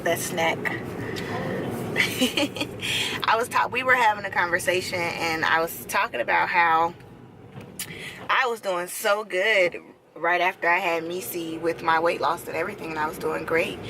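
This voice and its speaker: A woman in her thirties, a vlogger chatting to her viewers in an animated, talkative way from a moving car, quick to laugh. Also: fairly low pitch. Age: 30s. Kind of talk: casual chat to camera. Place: passenger seat of a moving car. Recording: road noise inside a moving car.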